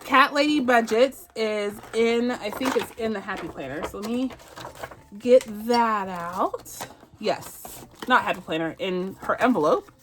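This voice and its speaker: A bubbly woman with a slightly high, a bit bright voice speaks unhurriedly over slight background noise. Hosting a budgeting channel, she chats casually while reviewing savings challenges, gushing, giggling and saying "y'all" as she plays them.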